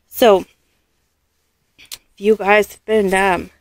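Slow, gushing woman vlogger. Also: mid-range voice, fairly even intonation. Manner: gushing, halting, often trailing off. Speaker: vlogger unboxing a reborn doll. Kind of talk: casual unboxing vlog.

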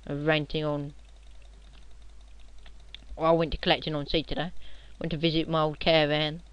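A young man, rambling and joking as he narrates his own computer game, now and then shouting at enemies. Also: fairly high pitch, level tone, normal speed, clear, resonant tone, no room sound, lo-fi sound. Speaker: gamer playing on video. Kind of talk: casual game commentary.

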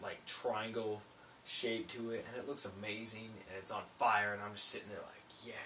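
A man's voice: on the low side, fairly bright tone, a little hiss or hum. Rambling young guy vlogging in a roomy echo. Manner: rambling, self-mocking, jumps between mumbles and bursts. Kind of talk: casual vlog monologue. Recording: roomy echo, a bit distant from mic.

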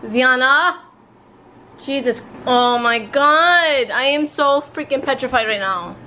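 A woman vlogging her family day, talking in an expressive, excitable way and dropping in Spanish phrases. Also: sits high, slow pace, slight background noise. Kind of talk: casual daily vlog. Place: home, then outside in a parking lot.

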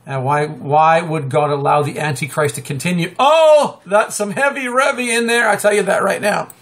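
Male live-stream host, middle-aged, high-pitched, talkative and excitable, restarts his sentences a lot. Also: normal speed. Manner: excitable, chatty, many fillers and restarts, sudden high exclamations. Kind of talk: rambling political commentary monologue.

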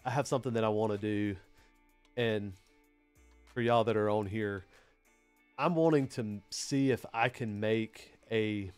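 A man's voice: lowish voice, measured pace, long pauses, darkish tone, smooth, soft background music. Chatty Southern US man teaching. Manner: rambling, chatty, many fillers. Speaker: PLC training host. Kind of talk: casual live-stream technical lesson.

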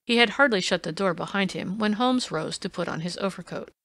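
Gravelly woman narrating an audiobook. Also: medium pitch, brisk, fairly bright tone. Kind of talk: scripted narration.

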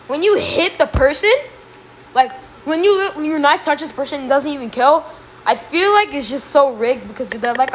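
Excitable high-voiced woman streamer. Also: a little hiss or hum, rough recording. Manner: excitable, jumps to high yelps when chased; casual, says "bro" a lot. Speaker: game streamer. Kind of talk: live gameplay commentary.

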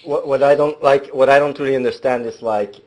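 A man's voice: medium pitch, fairly even intonation, fairly quick, a little mellow, rough recording. A man hosting a live stream, talking earnestly with many fillers and restarts. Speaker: streamer host.

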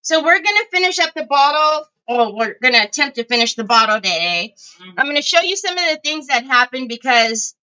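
A woman's voice: high-pitched, expressive, brisk, pushed and bright, smooth. A middle-aged woman hosting a craft livestream, chatting casually and greeting viewers by name. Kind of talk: casual live-stream chat. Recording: dull lo-fi home stream audio.

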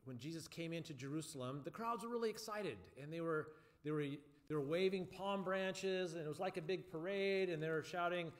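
A man leading a children's church message, talking to kids at home in simple, upbeat, animated words. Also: fairly high pitch, fairly quick, hardly any pauses.

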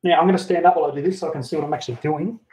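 A man giving a relaxed, chatty how-to while working on a hobby model at home, talking into a handheld camera. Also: fairly high pitch, rapid-fire. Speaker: hobby model builder, channel host. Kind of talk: casual how-to crafting chat. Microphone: handheld camera mic. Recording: dull lo-fi camera audio.

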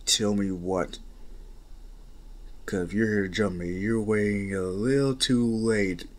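A man voicing a lazy, gruff young gang leader who gives bored, curt replies. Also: lowish voice, fairly even intonation, measured pace, close to an everyday voice. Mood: grumpy.

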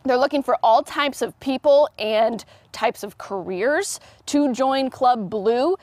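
A woman's voice: sits high, slow pace, darkish tone, no room sound. A woman reporting live on TV news in a chatty, upbeat way, with casual fillers.

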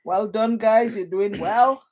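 A Jamaican woman in her fifties chats her way through a live quiz with friends. Her voice sits at an ordinary pitch. She teases the players and laughs easily. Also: a little mellow, lo-fi sound. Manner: chatty, teasing, quick to laugh. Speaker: quiz co-host. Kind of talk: casual live-chat quiz hosting.

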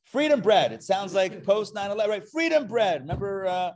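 Very animated and brisk, this rabbi's high voice has a darkish tone as he leads a live class in a classroom in front of an audience. He cracks jokes and draws questions from those in the room.

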